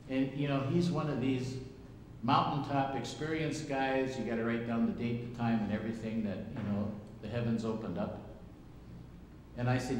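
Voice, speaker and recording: A pastor with a Wisconsin accent preaching a sermon, telling personal stories in a folksy, plain-spoken way. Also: male voice, mid-range voice, fairly even intonation, moderate pace. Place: church sanctuary. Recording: echoey church hall, faint room noise.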